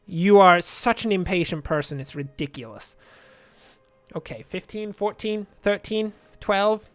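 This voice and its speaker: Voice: medium pitch, measured pace, dry recording. A let's play gamer giving chatty game commentary, thinking aloud and drifting into jokey tangents.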